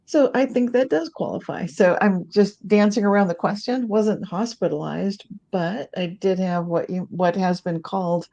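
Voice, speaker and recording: A woman's voice: medium pitch, normal speed, gravelly, few pauses, dark tone. A woman on a panel discussion call, talking in a chatty way and laughing between thoughts.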